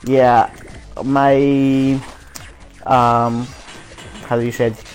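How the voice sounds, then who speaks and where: A man's voice: medium pitch, level tone, extremely slow, soft background music, poor audio. A man reading on-screen game text aloud while casually commenting on his play, often hesitating and restarting.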